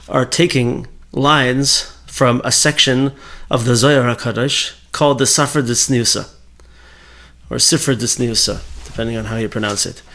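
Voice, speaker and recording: A man's voice: mid-range voice, fairly bright tone. Man, Torah teacher, mid-range voice, casual conversational lesson delivery. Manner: conversational, thinking aloud with fillers and self-corrections.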